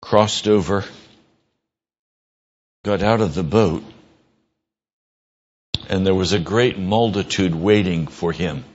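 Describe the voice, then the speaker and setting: A man's voice: darkish tone, highs cut off. A man preaching an earnest, emphatic radio sermon as a pastor. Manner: earnest preaching, slow and emphatic, rising in pitch when pressing a point.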